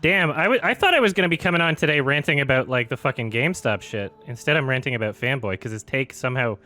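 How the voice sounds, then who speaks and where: A man's voice: mid-range voice, expressive, quick pace, bright, forceful tone. A man streaming a video game, ranting in an exasperated, sweary way and laughing as he talks. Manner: exasperated, sweary, laughing through his rant. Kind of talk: ranting live-stream commentary while gaming.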